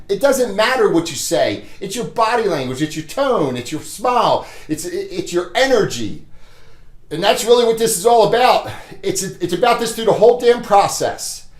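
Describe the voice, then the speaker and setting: A man with a fairly high voice gives a blunt, motivational sales training talk. He chuckles between points and keeps checking in with "okay?", and the sound carries a roomy echo. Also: very animated, moderate pace.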